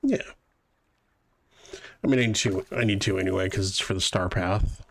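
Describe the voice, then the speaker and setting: A man's voice: low-pitched, normal speed, creaky. A man streaming a video game live, chatting casually and rambling to his viewers as he plays. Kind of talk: casual live-stream chat while playing.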